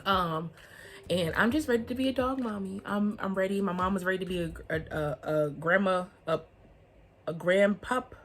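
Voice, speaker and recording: A woman's voice: mid-range voice, moderate pace, soft background music. A young woman, talking to her viewers in a casual, heartfelt vlog and laughing often. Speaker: vlogger.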